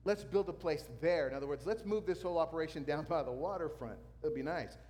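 Animated male pastor preaching. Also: a little high, quick pace, big-room sound. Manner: animated storytelling with sound effects. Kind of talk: sermon.

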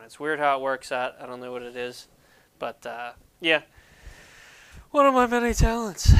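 Medium in pitch, his voice is pushed and bright, clear and resonant. The speaker hosts ministry videos in Pennsylvania, chatting casually about devotions with plenty of self-mocking jokes and tangents.

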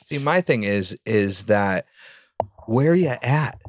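A man co-hosting a podcast who drops in brief, deadpan jokes during the conversation. A faint noise can be heard behind his voice. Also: on the low side, slow. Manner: joking, deadpan interjections. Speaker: podcast co-host. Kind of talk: casual chat.

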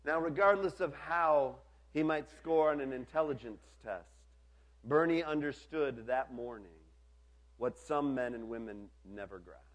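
A man preaching an earnest storytelling sermon, dropping to a soft low voice on key lines. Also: unhurried.

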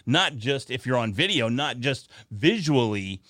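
A man's voice: mid-range voice, animated, a little slow, a bit bright, no echo. Earnest man, dry close mic. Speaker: podcast co-host. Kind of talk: casual podcast chat.

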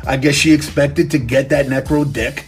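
A man's voice: medium pitch, fairly even intonation, moderate pace. A young man casually telling a crude story, full of street slang and profanity, with frequent "you know what I'm saying.".

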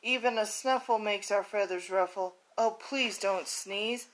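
A woman's voice: mid-range voice, a little slow, close to an everyday voice, rough recording. A woman voicing a flock of worried birds in a picture book, pleading in rhymes. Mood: fretful.

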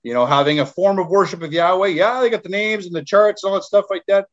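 A man's voice: sits high, fast talker, dull audio. A man preaching earnestly in an online Bible class, repeating himself as he exhorts the listeners, while ill with covid. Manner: repetitive, earnest exhortation with stumbles.

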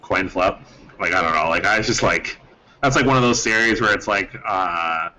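Man, podcast co-host, casual sports chat, bright tone, rambling delivery. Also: low voice, moderate pace, rough recording. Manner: rambling, lots of "like" and restarts. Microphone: studio-style podcast mic.

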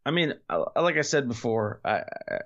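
A man's voice: mid-range voice, very animated, moderate pace, fairly bright tone, highs cut off. A man guesting on a podcast in casual chat, playful and joking, heaping praise on the host.

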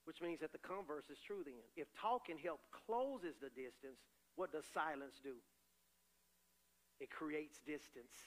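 A man preaching a sermon as pastor, animated and conversational, swinging between loud cries and quiet asides. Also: a little high, a little slow.

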